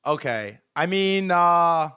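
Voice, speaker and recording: A young man doing casual livestream commentary, excitable, swearing often, repeating himself and talking straight to his chat. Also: a little high, takes it slowly, clean tone. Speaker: streamer reacting to news.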